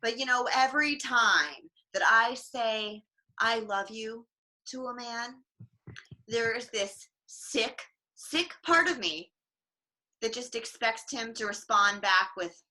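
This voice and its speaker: A woman comedian plays a jaded middle-aged space princess and mother in a sardonic stand-up set, griping wearily with mock-weary asides. Her voice is a little high, slow, bright and forceful, heavily acted. It's captured on a livestream mic.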